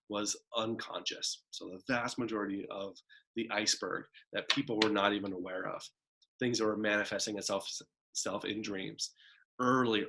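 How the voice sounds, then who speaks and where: A man delivers a recorded college psychology lecture with a somewhat low voice. He talks casually, filling his points with "right?" and "kind of" as he walks through slides. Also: pushed and bright. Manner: conversational, frequent "right?" and "kind of" asides; acts out a demanding child's voice in examples.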